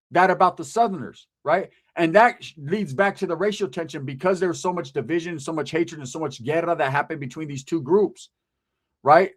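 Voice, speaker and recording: A man with a fairly high voice talks straight to his audience. He is blunt and emphatic, swears often and uses a lot of street slang. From Southern California. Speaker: channel host. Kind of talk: casual monologue to camera.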